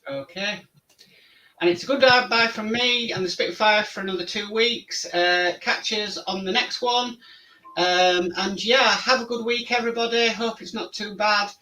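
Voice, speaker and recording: A man's voice: high voice, steady tone, moderate pace, bright, forceful tone, far from the mic, a little hiss or hum, poor audio. Rambling male host a bit off-mic. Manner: rambling, friendly, many fillers. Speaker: host of a model-building live show. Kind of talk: casual live-stream chat. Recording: voice somewhat off-mic.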